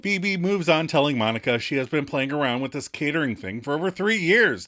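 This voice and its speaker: A man co-hosting a podcast recaps a sitcom episode in casual, playful chat. His pitch rises and dips freely as he narrates. He slips into quick mock voices for the characters. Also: very animated, bright, forceful tone. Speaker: podcast co-host.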